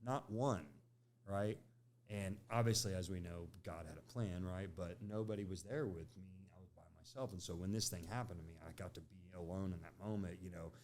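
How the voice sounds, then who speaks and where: A man's voice: deep voice, normal speed, a little mellow, slight background noise. A middle-aged man on a podcast, telling a candid personal story in a conversational way, often tagging lines with "right?" and "you know". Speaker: podcast guest.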